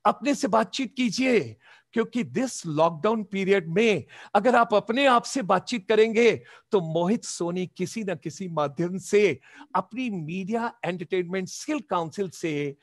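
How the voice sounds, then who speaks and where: A man's voice: sits high, lively intonation, racing, dry recording, clean studio sound. A man in his seventies with an Indian accent, giving a motivational webinar talk with emphatic, repeated exhortations over a video call. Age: 70s. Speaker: motivational speaker.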